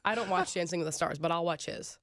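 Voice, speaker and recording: A woman's voice: on the low side, fast talker, fairly bright tone, no room sound, studio quality. A woman co-hosting morning radio, chatting and teasing the host in casual banter.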